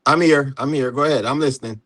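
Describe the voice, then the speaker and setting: A man's voice: medium pitch, quick pace, a bit bright, no echo. A man from Jamaica with a Jamaican accent, hosting a casual live panel chat in a laid-back way, dropping "you know" often and laughing easily. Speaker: host.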